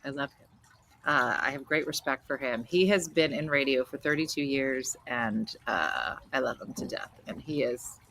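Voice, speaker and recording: Animated New Jersey woman host. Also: rumbling low, normal speed, hardly any pauses. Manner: loud, animated storyteller. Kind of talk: casual livestream chat.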